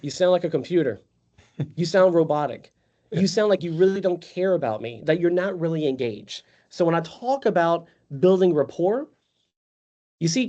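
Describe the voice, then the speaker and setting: Energetic male sales trainer on a call. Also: a little high. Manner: energetic, conversational, calls on trainees by name. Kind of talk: live virtual sales training. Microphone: video call. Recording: lo-fi video call audio.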